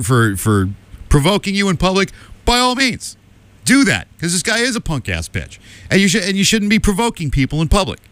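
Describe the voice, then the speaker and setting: A man's voice: fairly high pitch, fairly bright tone, no echo. A man hosting a radio talk show, delivering a combative opinion monologue with emphatic asides. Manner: combative, emphatic, keeps asking "okay?".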